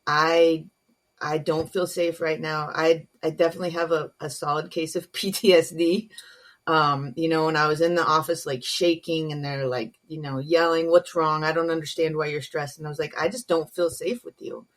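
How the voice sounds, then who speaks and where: A woman's voice: low-pitched, fairly even intonation, normal speed. A woman, a naval officer and comedian, speaking frankly and earnestly as a podcast guest, with many um and you know asides. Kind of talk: candid podcast conversation.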